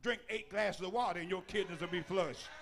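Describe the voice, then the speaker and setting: A bishop a sermon in a rhythmic, folksy way, building repeated lists up to shouts. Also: male voice, high-pitched, brisk. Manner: folksy, with dialect grammar and humor. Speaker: bishop preacher.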